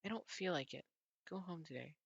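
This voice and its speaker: Moody vampire girl, raised pitch, husky and blunt, as a male reader puts her on. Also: a little fast, a bit bright, dry recording, muffled recording, exaggerated voice. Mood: sulky. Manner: snappy, sulky, blunt. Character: moody teasing young vampire woman. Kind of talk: manga read-aloud.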